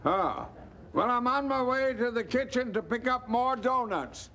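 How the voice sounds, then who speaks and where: A man's voice: extremely high pitch, lively intonation, unhurried, sharp tone, full character voice. An older man playing a grandfather in a sitcom, wry and jokey. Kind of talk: sitcom dialogue.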